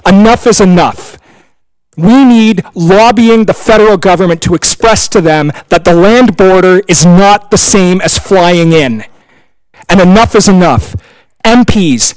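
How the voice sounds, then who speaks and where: A man speaking at a town council meeting, clearly frustrated and impassioned. His voice sits fairly high for a man and is raised in anger as he argues his case. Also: rough recording.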